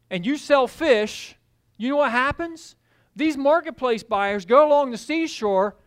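Lively, high-voiced male preacher. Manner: animated storytelling, acting out scenes. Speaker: pastor. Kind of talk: sermon.

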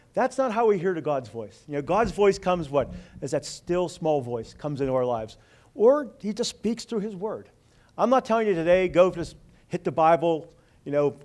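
A man's voice: fairly high pitch, a little mellow. A male pastor preaching a sermon in a conversational way, with frequent asides and rhetorical questions.

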